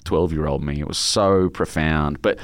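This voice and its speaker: Deep-voiced Australian man telling stories. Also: fairly even intonation, moderate pace, no echo, clean studio sound. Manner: rambling, emotional storytelling with many restarts. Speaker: author being interviewed. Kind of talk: casual interview chat.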